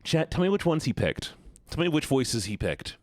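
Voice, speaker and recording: A man's voice: on the high side, very animated, normal speed, darkish tone, no room sound, clean studio sound. Chatty young male streamer. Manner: chatty, rambling, repeats words, laughs often. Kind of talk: casual chat with viewers.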